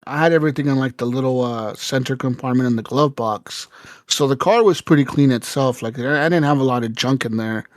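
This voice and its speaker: A man's voice: mid-range voice, fairly quick, no echo, studio quality. A man co-hosting a podcast, telling a story casually with lots of swearing and laughter, acting out quotes. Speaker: podcast co-host.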